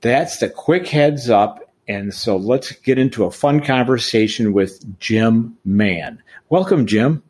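A man's voice: medium pitch, slow pace, few pauses, a little mellow, husky. A man hosting a podcast interview, chatty and joking, often correcting himself. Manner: jokey, rambling, self-correcting. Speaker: podcast host.

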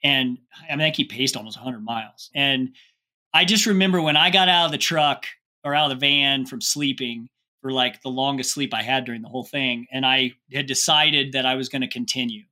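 Bright-voiced man recalling a hard stretch. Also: medium pitch, brisk. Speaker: guest, long-distance hiker. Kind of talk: casual storytelling.

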